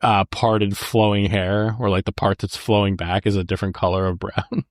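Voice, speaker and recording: Young male podcast co-host, low voice, dry close mic, laughs a lot, very casual. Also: moderate pace, no room sound. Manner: laughs often, animated, quotes movie lines; says "like" and "dude" a lot. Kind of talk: casual movie chat.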